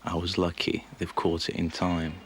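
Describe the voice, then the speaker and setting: A man telling of his cancer treatment in a documentary interview, measured and hesitant, with frequent pauses. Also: deep voice, monotone. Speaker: cancer patient recounting his experience. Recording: noisy 1980s documentary audio.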